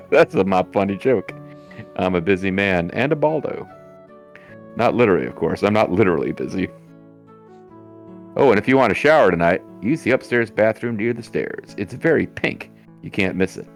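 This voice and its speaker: A man's voice: fairly low pitch, animated, moderate pace, vocal fry, long pauses, soft background music. A man voicing a folksy male lodge keeper in a game, reading his lines with playful jokes thrown in. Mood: jokey. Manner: playful, jokey ad-libs. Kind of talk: reading game dialogue aloud in a put-on voice.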